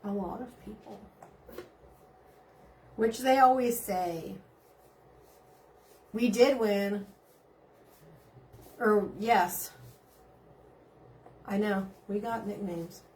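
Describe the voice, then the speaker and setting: A woman's voice: mid-range voice, takes it slowly, long pauses. A middle-aged woman, chatting casually on a live stream and reading out viewer comments, bubbly and giggly. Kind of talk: casual chat.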